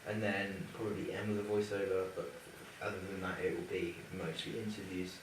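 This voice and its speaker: Young man with a low voice, echoey. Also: flat delivery. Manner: earnest, slightly halting with restarts. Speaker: student presenting a documentary idea. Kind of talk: casual group discussion. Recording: echoey room from far off, noisy.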